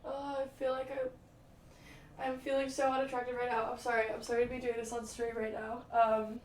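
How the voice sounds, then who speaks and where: A young woman livestreams and answers viewer comments in chatty, dramatic talk, swearing freely and filling her speech with "like" and "um." Her voice is a little high, darkish and flat at a normal speed. She sounds distant from the mic, with roomy echo and faint ambient noise.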